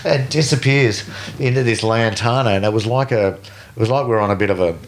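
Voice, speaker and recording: A middle-aged man with an Australian accent tells a story as a guest, animated and swearing freely, acting out the other people's voices. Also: mid-range voice, fast, a little hiss or hum. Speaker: guest, veteran BASE jumper. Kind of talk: casual storytelling.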